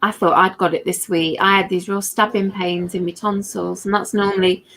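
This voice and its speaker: Bright-voiced English woman chatting on a call. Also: mid-range voice, little pitch movement, moderate pace, slight background noise. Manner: laughing, self-deprecating banter. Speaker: host of live stream chat. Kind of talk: casual group video chat.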